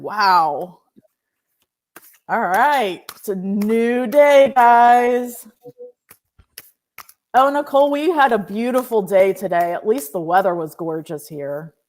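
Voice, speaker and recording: A woman hosting a live stream, reading oracle cards and chatting with viewers by name, laughing often. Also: medium pitch. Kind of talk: casual live-stream chat.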